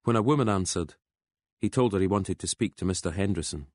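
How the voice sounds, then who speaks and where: A man with a very low voice reads a crime novel in a steady, unhurried storytelling manner. The recording is close and dry, with no room sound at all. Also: no room sound. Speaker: audiobook narrator. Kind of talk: scripted crime novel narration.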